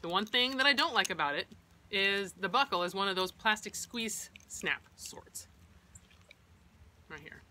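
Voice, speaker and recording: A woman's voice: medium pitch, animated, unhurried, long pauses, pushed and bright. A middle-aged woman who trains service dogs, explaining equipment in a practical, personal vlog style. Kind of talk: instructional vlog.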